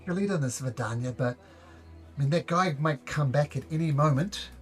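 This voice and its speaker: A man's voice: on the high side, normal speed, soft background music. A man narrating a tabletop game as game master, in a loose, jokey way.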